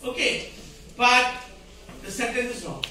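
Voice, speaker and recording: High-voiced man teaching in an echoey classroom. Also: expressive, a little slow, sharp tone, recorded from a distance, a little hiss or hum. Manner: repetitive, questioning, drills students in call-and-response. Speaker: English teacher. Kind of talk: classroom grammar lesson. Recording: very echoey room, voice from afar.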